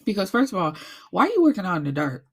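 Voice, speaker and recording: Woman gushing and ranting about a book plot, aave, slightly low voice, swears a lot. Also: quick pace, slightly rough. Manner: animated storytelling, acts out characters, swears freely. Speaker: book reviewer. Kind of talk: casual book recap.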